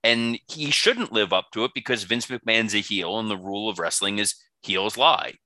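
A man co-hosting a podcast, laying out a confident, fast-moving argument with casual swearing. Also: on the low side, pushed and bright, no room sound. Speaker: podcast co-host. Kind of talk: podcast analysis.

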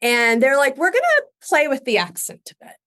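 A woman's voice: high voice, animated, brisk, a bit bright. A middle-aged woman, a guest actress in a casual interview, telling stories and laughing often.

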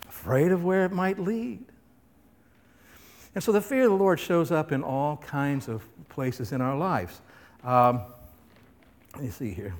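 A pastor preaching a sermon, emphatic and fond of asking his listeners questions. His voice sits somewhat high for a man. It carries the long reverb of a large hall. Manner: emphatic, full of rhetorical questions.

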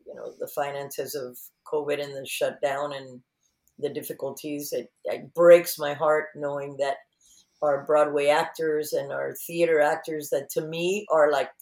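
A woman's voice: sits low, unhurried, reverberant. A woman guest in an interview, chatting casually and acting out quotes as she tells stories. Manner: animated storyteller, acts out quotes.

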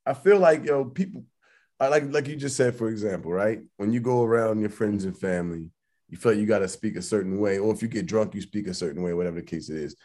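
A man's voice: lowish voice, quick pace, mellow. A man co-hosting a podcast, rambling through his point with slang and restarts in casual chat. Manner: rambling, many fillers and restarts, slang-heavy. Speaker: podcast co-host.

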